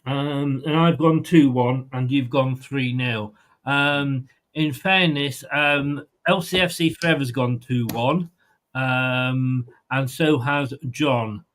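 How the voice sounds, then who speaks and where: A man's voice: medium pitch, steady tone, takes it slowly, fairly bright tone. A man hosting a football prediction show, chatting casually and rambling with frequent ums and restarts. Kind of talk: casual chat.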